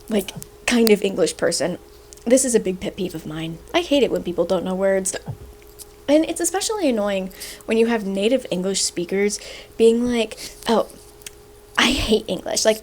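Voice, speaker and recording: A young woman hosting a video, ranting in a casual, sarcastic and rambling way, a little short of breath. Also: medium pitch. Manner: animated, sarcastic, rambling with fillers. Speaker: video host. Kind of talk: casual rant to camera.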